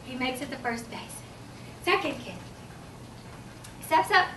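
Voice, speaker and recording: Animated high-voiced woman telling a funny story. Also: a little slow, pauses often, a little hiss or hum. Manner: animated, acts out children's voices in high squeals. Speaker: speech contest speaker, teacher. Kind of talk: humorous speech, storytelling. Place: event hall. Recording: roomy hall, mic from a distance.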